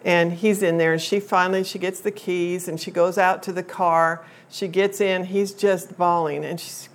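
Older woman, lowish voice, chatty storyteller addressing a group, lots of ums. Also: fairly even intonation. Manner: chatty, unhurried, with many um fillers and restarts. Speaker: speaker telling a family story to a group. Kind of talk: personal storytelling to an audience.

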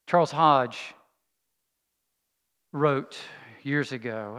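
A middle-aged male pastor preaches a heartfelt personal story, his voice a touch higher than most men's. He speaks earnestly and lets his voice sink to a hush at the tender moments. A long reverb trails each phrase, as in a big church sanctuary. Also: moderate pace. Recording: long reverb of a large hall.

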